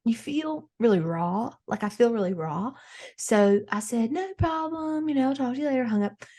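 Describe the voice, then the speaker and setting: A woman's voice: on the high side, moderate pace. Woman doing a frazzled gossipy rich mom, rambles on and on, acts out everybody's lines, comedy podcast. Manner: rambling, animated storytelling with acted-out quotes. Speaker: podcast host character.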